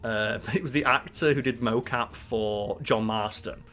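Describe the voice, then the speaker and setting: A man co-hosting a podcast, chatting casually with animated, swear-flecked storytelling. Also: fairly low pitch, measured pace. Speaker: podcast co-host. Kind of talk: casual chat.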